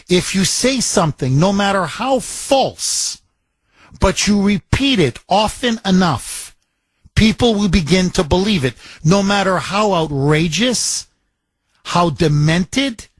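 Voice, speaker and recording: A man's voice: high-pitched, dry recording. A man hosting a political talk radio show, delivering an impassioned, emphatic monologue full of repetition.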